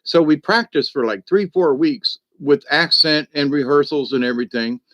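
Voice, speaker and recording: This South Georgia live streamer tells his chat rambling stories, chatty and full of "you know" and "but anyway." He has a fairly high, slightly bright voice at a moderate pace, in a dry recording.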